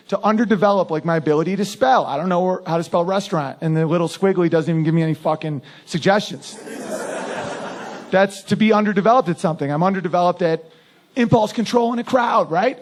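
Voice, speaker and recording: A man doing a crude, brash stand-up routine who often laughs at his own lines. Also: high voice. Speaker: stand-up comedian.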